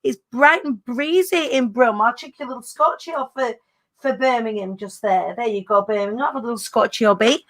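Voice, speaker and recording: A woman's voice: on the high side, fairly quick, fairly bright tone. A woman, hosting a casual live-stream chat in a bubbly way, full of British slang. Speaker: host.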